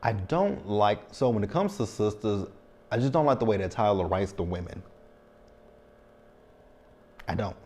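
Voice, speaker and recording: A man's voice: on the low side, lively intonation, normal speed, pauses often, darkish tone. A man in his thirties recapping a TV episode in a casual vlog, talking frankly and checking in with tag questions. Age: 30s. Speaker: TV show recap reviewer.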